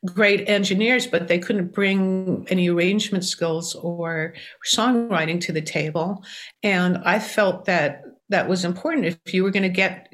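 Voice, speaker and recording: A woman in her sixties, a songwriter guest, telling stories in an animated, lively way during an interview. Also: on the low side. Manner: animated, lively anecdotal storytelling. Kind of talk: storytelling interview answers.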